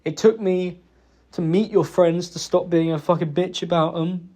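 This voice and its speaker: Young man, high mellow voice, halting and tearful personal apology. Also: fairly even intonation. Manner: emotional, halting, self-blaming.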